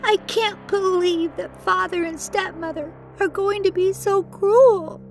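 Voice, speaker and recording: A woman voicing a frightened, tearful little girl in a storybook reading, pleading in a high voice. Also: measured pace, soft background music. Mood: upset.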